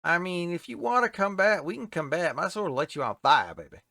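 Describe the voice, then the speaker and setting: A man's voice: high-pitched, big pitch swings, fairly quick, vocal fry. A man giving casual, rambling commentary while playing a building game, chatting to the creatures on screen. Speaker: game streamer. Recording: loud background noise.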